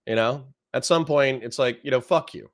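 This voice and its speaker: A man's voice: mid-range voice, normal speed. A young man streaming, reading out chat and reacting with blunt, profane commentary that repeats phrases for effect. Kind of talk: casual livestream commentary.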